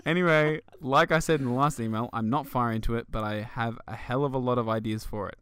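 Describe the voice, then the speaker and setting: A man's voice: mid-range voice, fairly even intonation, moderate pace, fairly bright tone, smooth, dry recording, studio quality. A man co-hosting a podcast in casual chat, joking, laughing often and stumbling over reading an email aloud. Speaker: podcast co-host.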